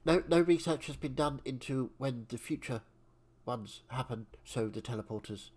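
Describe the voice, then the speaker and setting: A man playing a tabletop role-playing game, stammering and halting through his lines. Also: medium pitch, a little mellow, breathy edge. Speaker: player. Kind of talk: tabletop play.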